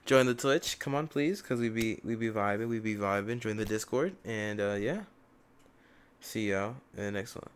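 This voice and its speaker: A man's voice: fairly low pitch, normal speed. A young man co-hosting in laid-back casual chat, often repeating himself. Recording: faint background noise.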